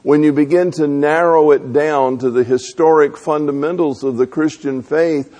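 A man preaching a sermon, deliberate and full of rhetorical questions, pausing often on fillers. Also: a little high, steady tone, dark tone.

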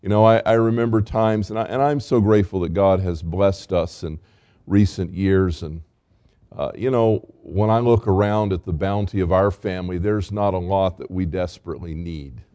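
A middle-aged man preaching a gentle, earnest Christmas sermon, with fillers and restarts. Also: deep voice, fairly even intonation, moderate pace. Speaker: pastor.

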